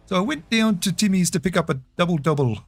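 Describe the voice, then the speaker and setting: A chatty Australian man talks with his viewers as he plays, his voice sitting a little higher than most men's. He laughs easily and answers the chat as it comes, with soft game music playing faintly underneath. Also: slightly rough. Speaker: game streamer. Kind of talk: casual livestream chat while playing.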